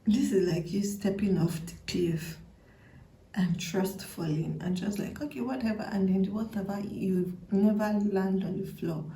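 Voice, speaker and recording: A woman giving a tarot reading to camera in a playful, chatty way, often dropping into a breathy half-whisper. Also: mid-range voice, steady tone, measured pace, warm tone, roomy sound, slight background noise, low-quality recording. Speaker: tarot reader.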